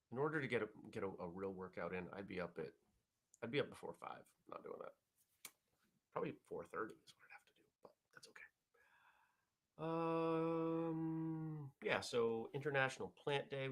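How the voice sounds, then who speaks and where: Hosting a casual morning vlog show, a man chats in a relaxed, rambling way while reading viewer comments. His voice is medium-pitched and gravelly.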